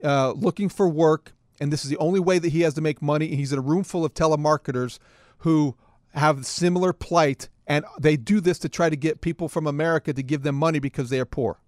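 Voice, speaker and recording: A man's voice: on the high side, fairly quick, darkish tone, dry recording, studio quality. A middle-aged man co-hosting a casual chat, telling a story animatedly and acting out both sides of a phone call. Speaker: co-host.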